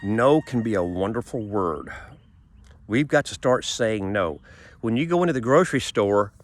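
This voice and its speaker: Speaking at a normal speed in a lowish, animated voice, a man with a stuffed, sniffling nose records a folksy homesteading vlog on a handheld phone in a sunny garden yard. He rambles and repeats himself, and the recording sounds dry.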